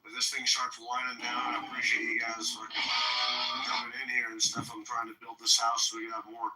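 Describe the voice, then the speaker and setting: A man's voice: mid-range voice, completely flat delivery, brisk, sharp tone, roomy sound, far from the mic, soft background music, rough recording. A man hosting a casual audio chat room, rambling and swearing with lots of fillers. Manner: rambling, profane, many fillers.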